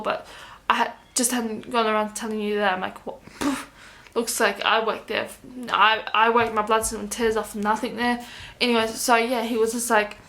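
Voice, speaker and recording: A woman's voice: on the high side, fairly bright tone. A young woman vlogging, casually telling a story with many restarts and quoted back-and-forth.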